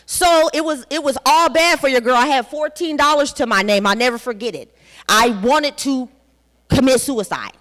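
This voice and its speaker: Conference speaker: a woman in her forties with a high voice, blunt and profane, in a reverberant hall. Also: normal speed, a bit bright. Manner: candid, blunt, profane storytelling. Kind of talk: personal testimony talk.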